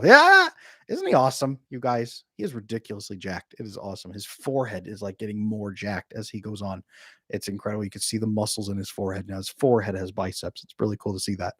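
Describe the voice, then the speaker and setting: Reading viewer comments on a casual livestream, a man who coaches on relationships chats, jokes, and laughs readily from a home room with a bookshelf at his back. His voice is lowish, a little mellow, and husky, recorded at studio quality with no room sound.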